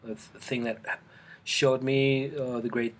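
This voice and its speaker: A man in his forties, born in Colombia, chatting casually to camera in his home art studio, halting and full of restarts. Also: mid-range voice, little pitch movement, slight background noise. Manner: rambling, halting, with many restarts and fillers. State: eating, mouth full at times. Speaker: artist and channel host.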